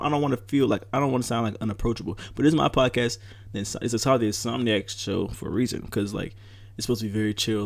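A young man hosting his own podcast from home, talking in a casual, rambling way, relaxed but animated when riled up. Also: on the low side, gravelly, no echo. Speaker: podcast host. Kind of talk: casual solo podcast rant.

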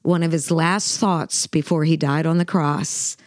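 A woman's voice: low voice, fairly even intonation, a little slow, no echo, studio quality. A middle-aged woman on a faith podcast, telling a personal story in an earnest, emotional way with frequent fillers and restarts. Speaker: podcast co-host. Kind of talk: heartfelt conversational storytelling.

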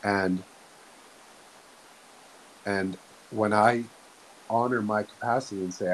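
Soft-spoken man with a low voice. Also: steady tone, rough recording. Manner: slow, soft-spoken, earnest, with frequent restarts. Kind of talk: reflective spiritual talk. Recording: faint hiss.

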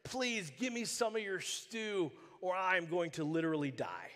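A man's voice: sits high, animated, unhurried, fairly bright tone, in a large hall. A man voicing a desperate, starving young hunter who pleads in a whiny, overdramatic way.

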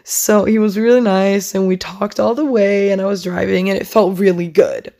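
Chatty young woman with vocal fry. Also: medium pitch, steady tone, moderate pace, warm tone. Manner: rambling, chatty, heavy use of "like" and "oh my God". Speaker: podcast host. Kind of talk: casual monologue podcast.

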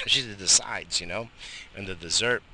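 A man's voice: low-pitched, unhurried, very noisy. A man in his thirties hosting a morning show, ranting casually with heavy swearing, coughs and sighs, recorded outdoors while smoking. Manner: profane, animated ranting with frequent coughs and sighs. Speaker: host of a morning radio show. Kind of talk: casual rambling monologue.

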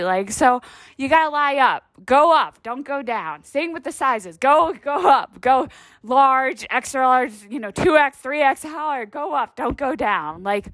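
Woman vlog host, slightly high voice, dry close sound, rambling and profane. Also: lively intonation, fairly quick, dry recording. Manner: rambling, profane, heavy use of "like". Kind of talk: casual comedic monologue.

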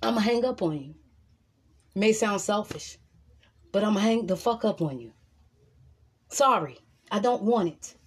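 A woman talking to camera in a fiery, preachy vlog monologue. Her voice has a husky edge, and she hammers her points by repeating them, with plenty of swearing. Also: mid-range voice. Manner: emphatic, preachy, profane; repeats lines for emphasis. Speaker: vlogger.

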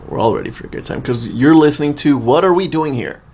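A man's voice: fairly high pitch, animated, fast talker, darkish tone, breathy edge. A man co-hosting a podcast, chatting casually with teasing, laughing, profane banter. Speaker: podcast co-host. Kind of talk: casual chat.

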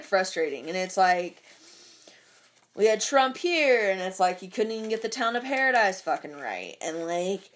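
Profane rambling woman ranting casually. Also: mid-range voice. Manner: profane, rambling, lots of fillers. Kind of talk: casual political rant.

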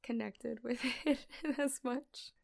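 A woman's voice: on the high side, fairly even intonation, slow pace, creaky. A woman co-hosting a podcast in casual chat, chatty and often laughing as she tells stories. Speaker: podcast co-host.

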